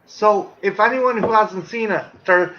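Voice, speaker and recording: An enthusiastic man in a casual chat who swears freely as he tells stories. His voice is high, and the recording sounds slightly dull and lo-fi. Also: measured pace, sharp tone, a little hiss or hum.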